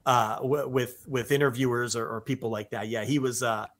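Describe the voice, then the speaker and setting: A man co-hosting a casual podcast who talks in a relaxed way, swears casually and lets his sentences trail off. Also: medium pitch, moderate pace. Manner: laid-back, swears casually, trails off softly. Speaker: podcast co-host. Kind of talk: casual chat.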